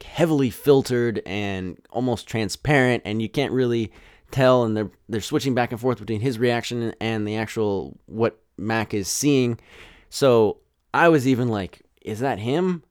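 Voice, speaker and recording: A man's voice: mid-range voice, smooth, no echo, studio quality. A man giving a casual, rambling spoken film review. He sounds exasperated and sarcastic, and he often restarts his sentences.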